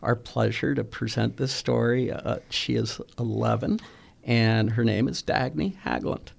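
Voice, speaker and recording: A man's voice: mid-range voice, unhurried, gravelly. A man hosting a casual interview, encouraging and praising his young guest. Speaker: interviewer host.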